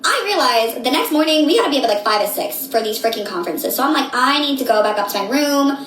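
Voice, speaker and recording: A woman in her late twenties telling a story casually, animated and slangy, acting out what people said. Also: high-pitched, fast, echoey room, rough recording. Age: late 20s. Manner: animated, slangy, acts out quotes.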